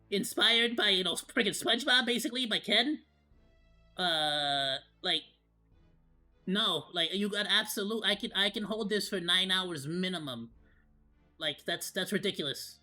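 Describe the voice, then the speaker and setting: Vtuber guy doing a bright squeaky monkey voice, rambly reaction chat. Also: expressive, normal speed, soft background music. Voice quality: put-on high cartoonish monkey voice. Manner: rambling, lots of fillers and restarts. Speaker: VTuber streamer. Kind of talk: casual reaction stream.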